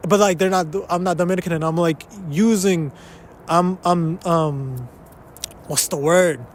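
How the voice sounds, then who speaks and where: Fairly high and fairly even, the young man's voice moves at a measured pace with slight background noise. He's a podcast host chatting casually alone in an uptown part of a big city, rambling, breaking off mid-thought, swearing, and slipping between English and Spanish.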